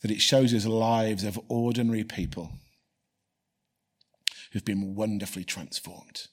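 Male pastor, lowish husky voice, earnest and repetitive. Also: fairly even intonation, a little slow. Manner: earnest, repeats key phrases for emphasis. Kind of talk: preaching, then leading a prayer.

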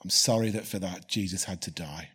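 A man's voice: sits low, brisk, a bit bright, slightly rough. A man preaching a sermon and leading a prayer, earnestly repeating key phrases for emphasis. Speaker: pastor.

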